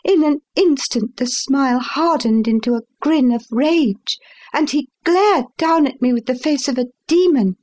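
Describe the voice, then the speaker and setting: A woman with a high voice narrates a classic tale in the first person. Her reading is measured and expressive, paced like a storyteller. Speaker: audiobook reader.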